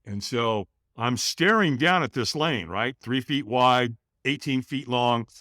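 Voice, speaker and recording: A middle-aged man from California, telling a personal story as a podcast guest with animated, dramatic delivery. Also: slow pace, no echo, studio quality. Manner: animated, acts out other people's lines with bursts of pitch and volume. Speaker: podcast guest, company founder.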